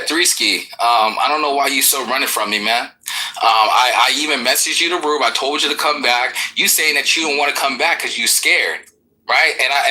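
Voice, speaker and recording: A man's voice: mid-range voice, bright, forceful tone, rough recording. A man trash-talking a rival in an online audio chat room, aggressive, profane and threatening.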